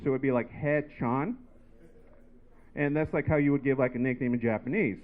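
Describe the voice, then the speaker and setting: A man's voice: medium pitch, fairly even intonation, a little fast. Tinny-sounding man doing stand-up. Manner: rambling, filler-heavy storytelling. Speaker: stand-up comedian. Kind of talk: stand-up set. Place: comedy bar stage. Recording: tinny phone-like live recording.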